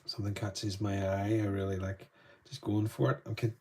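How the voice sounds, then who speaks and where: A man's voice: lowish voice, flat delivery, normal speed, a little mellow. A Northern Irish man chatting loosely through a live painting lesson, greeting viewers between strokes. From Northern Ireland. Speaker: art tutor.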